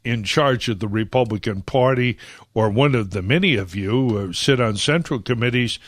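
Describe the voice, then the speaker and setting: A man hosting a political talk radio show, opinionated and halting, with many fillers and restarts. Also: medium pitch, dry recording, clean studio sound.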